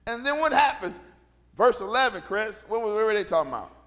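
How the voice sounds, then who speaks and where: A man's voice: high voice, animated, fairly quick, a bit bright. A man preaching a sermon, retelling Bible stories in casual slang and acting out the people in them. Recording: long reverb from a hall.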